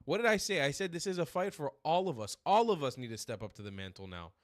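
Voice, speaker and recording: Brief: man streamer, angry political rant, swears constantly, slightly high voice, dry close room. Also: animated, fast talker, no echo. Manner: furious, profane ranting. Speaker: streamer host.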